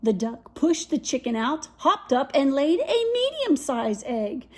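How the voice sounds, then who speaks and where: Slow, lively woman reading a picture book. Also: high-pitched, slight background noise. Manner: expressive, dramatic pauses, drops to whispers. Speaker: story reader. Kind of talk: children's picture book read-aloud.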